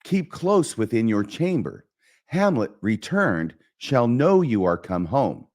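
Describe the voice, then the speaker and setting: A man's voice: mid-range voice, very animated, slow pace, darkish tone. A man reading a scheming king's verse lines aloud in a plain reading voice. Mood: persuasive. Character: scheming middle-aged male king, persuasive.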